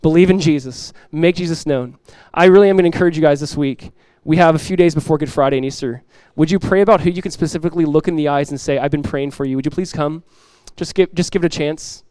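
A middle-aged man preaching a sermon as pastor to his church, earnest and direct, repeating key lines and acting out everyday voices with lively emphasis. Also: fairly high pitch, fast talker, hardly any pauses, clear, resonant tone, no room sound, poor audio. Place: church sanctuary.

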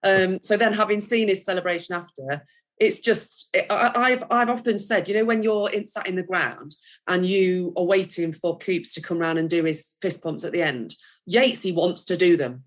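A woman's voice: fairly low pitch, normal speed. A woman chatting on a football podcast, enthusiastic and rambling. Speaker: podcast co-host. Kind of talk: casual football podcast chat.

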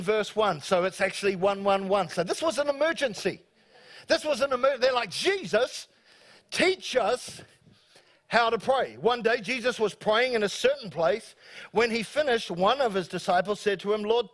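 A man with a New Zealand accent preaching a lively sermon to his church, joking and acting out voices. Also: sits high. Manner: animated, joking, acts out quoted voices. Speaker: pastor. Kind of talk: live sermon. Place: church service before a congregation.

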